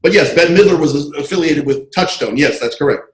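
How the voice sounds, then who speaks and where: A man tells his career stories in an animated, rambling way, with a slightly higher voice than most men. His voice rings in a roomy space and comes over a video call. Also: fairly quick. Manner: animated, digressive, full of asides. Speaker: interview guest, screenwriter and comic artist. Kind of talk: casual anecdotal storytelling.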